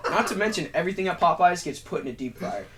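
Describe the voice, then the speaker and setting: A young man with a somewhat high-pitched voice, speaking as a guest on a casual podcast. His storytelling is animated and full of swearing. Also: quick pace, noisy background. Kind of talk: casual chat.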